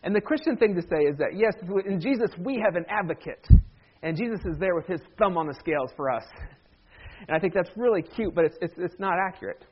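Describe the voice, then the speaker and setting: A man's voice: high voice, lively intonation, fast, husky, muffled recording. A man preaching a sermon as a pastor, talking in a conversational way with humorous asides.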